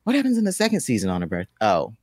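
Low voiced guy joking around on a podcast call, bouncy delivery, dry audio. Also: wildly swooping pitch, racing, a little mellow, no room sound. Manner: jokey, self-deprecating. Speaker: podcast co-host. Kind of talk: casual chat. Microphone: remote call over internet.

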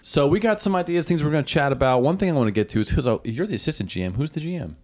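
A man hosting a casual podcast, talking with friends around the table. His pitch rises and falls widely as he reacts, and he often breaks into laughter and gasps. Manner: animated, quick gasps and laughs. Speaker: podcast host.

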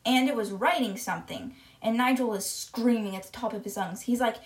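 A woman's voice: on the high side, fairly quick, hardly any pauses. A woman retelling a children's book in a casual, chatty way, often saying "like". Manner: chatty, uses "like" a lot. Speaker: podcast storyteller.

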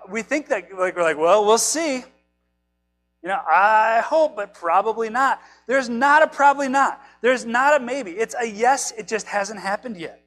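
Male pastor, 30s-40s, high voice, casual self-deprecating sermon delivery, faint music bed. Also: a bit bright, rough recording. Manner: chatty, self-deprecating, asks the listeners questions.

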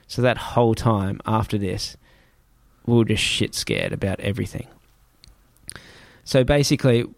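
A man telling a travel story in casual chat, animated and swearing, acting out other people's voices. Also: lowish voice, creaky, no room sound.

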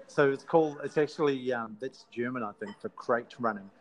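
Australian male co-host, loose rambling banter, ordinary middle pitch. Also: a little fast, low-quality recording. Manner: rambling, teasing, with many fillers and restarts. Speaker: podcast co-host. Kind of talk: casual podcast chat.

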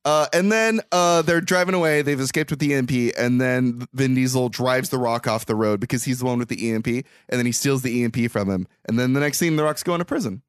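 A man co-hosting a podcast, retelling a movie in a sarcastic, animated way and swearing now and then. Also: mid-range voice, quick pace, few pauses, clean tone, no room sound, clean studio sound. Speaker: podcast co-host. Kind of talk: casual movie recap chat.

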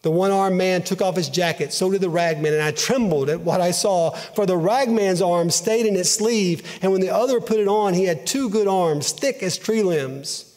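A man giving an earnest, emotive dramatic reading of a story, in a measured way. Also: sits high, a little mellow. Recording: long hall reverb.

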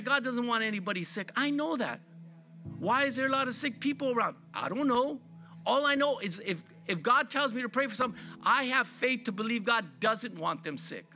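High, bright-voiced fervent male preacher. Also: animated, moderate pace, faint music behind. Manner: fervent, repetitive preaching with call-and-response phrasing. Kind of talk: sermon.

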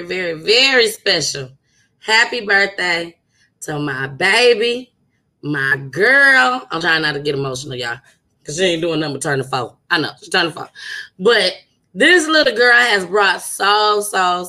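A young woman talks casually to her podcast listeners, heartfelt and chatty, circling back over her words for emphasis. Her voice is bright and forward, and she takes her time, drawing out phrases at an unhurried pace. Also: medium pitch. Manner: chatty, repetitive, heartfelt, uses dialect. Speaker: podcast host. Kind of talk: casual chat.

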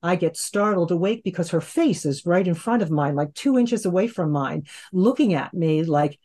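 A woman's voice: lowish voice, lively intonation, moderate pace, warm tone. A woman in her sixties, a hypnotherapist and interview guest, telling a long personal story in a rambling conversational way, with many restarts. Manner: rambling, with restarts and "you know".

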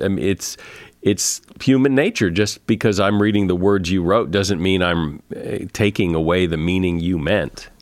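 Man, host, very deep, halting, dry studio sound. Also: no echo. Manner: halting, restarts often while framing questions. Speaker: podcast host. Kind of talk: interview conversation.

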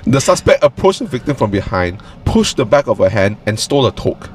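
A man co-hosting a casual chat podcast, reading out a news story and cutting in with sarcastic remarks. His delivery swings up and down in pitch, full of energy. A faint hiss sits under the voice. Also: big pitch swings, fairly quick. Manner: laughs often, reads news aloud with sarcastic asides. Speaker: podcast co-host.

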